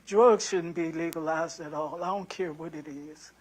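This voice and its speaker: A woman in her sixties, a prospective juror, answering questions in a courtroom in an earnest, soft-spoken, apologetic way. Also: low voice, fairly even intonation, normal speed. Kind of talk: answering jury selection questions.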